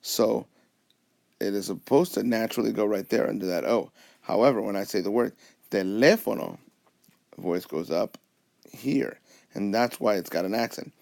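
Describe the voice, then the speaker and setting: A man with a lowish, gravelly voice talks through a recorded whiteboard lesson. He explains patiently, step by step, and keeps checking in with his listeners. It sounds like a teacher at a tablet. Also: moderate pace, a little mellow. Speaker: Spanish teacher.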